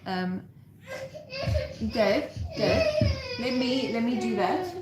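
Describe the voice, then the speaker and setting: A woman's voice: fairly high pitch, sing-song, extremely slow. A woman co-hosting a casual chat, speaking hesitantly and apologetically, with many fillers. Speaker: co-host. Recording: echoey room with loud noise.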